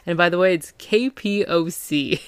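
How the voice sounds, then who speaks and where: A woman hosting a podcast, recapping a show in casual chat, tired after a long day, full of fillers and quick character impressions. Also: fairly low pitch, expressive, clean tone, no room sound. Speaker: podcast host recapping a TV series.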